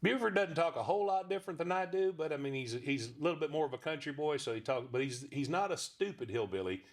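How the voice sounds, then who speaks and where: A man in his fifties talking casually as an interview guest, with a middle pitch. He rambles and restarts, slipping jokes into his stories. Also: fast talker. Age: 50s. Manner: rambling storyteller, frequent restarts, joking. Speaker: ventriloquist guest.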